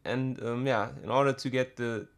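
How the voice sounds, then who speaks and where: A man teaching a music production tutorial, talking in a halting way with many fillers and restarts. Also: medium pitch, fairly even intonation. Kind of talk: screen-recorded software tutorial.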